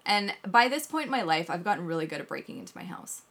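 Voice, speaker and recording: A woman co-hosting a casual podcast chat, telling a story in an animated way and swearing often. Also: fairly low pitch, quick pace, gravelly. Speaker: podcast co-host.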